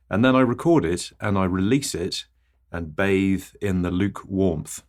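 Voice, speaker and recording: Low-voiced man hosting absurdist comedy. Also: unhurried. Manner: rambling wordplay and mock self-importance. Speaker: comedy podcast host. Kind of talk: scripted absurdist comedy monologue.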